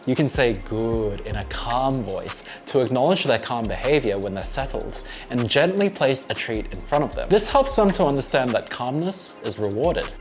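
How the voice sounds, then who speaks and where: A man narrating a scripted dog-training lesson in a clear, friendly teaching tone. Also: mid-range voice, very animated, normal speed, few pauses, soft background music.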